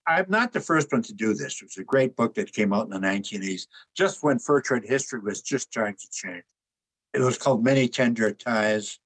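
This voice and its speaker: An older man being interviewed about his book and artwork, telling relaxed anecdotes and chuckling at his own jokes. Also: mid-range voice, slightly rough, poor audio. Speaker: author and artist guest. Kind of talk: conversational interview storytelling.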